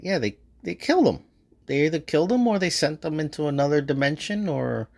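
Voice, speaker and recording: Give me a male podcast host giving a slow, profane, hesitant movie review at a mid pitch. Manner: rambling, profane, hesitant with many fillers.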